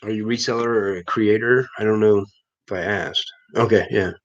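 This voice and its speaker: Casual livestream host, man from Missouri, slightly low voice, easygoing and rambling. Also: fairly even intonation, brisk, muffled recording. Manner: laid-back, rambling, chuckles often. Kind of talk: casual live chat with viewers.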